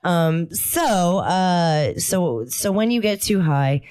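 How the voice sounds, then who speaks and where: A woman's voice: fairly low pitch, lively intonation, slow pace, darkish tone, smooth. Giggly, rambling young woman co-host. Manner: giggly and rambling, laughing often mid-sentence. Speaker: podcast co-host. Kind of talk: casual chat.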